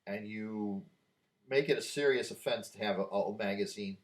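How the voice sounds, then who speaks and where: Speaking in a lowish voice at a moderate pace, an older man rambles through an opinion vlog. He keeps drifting off on tangents, then grows forceful when pressing an argument.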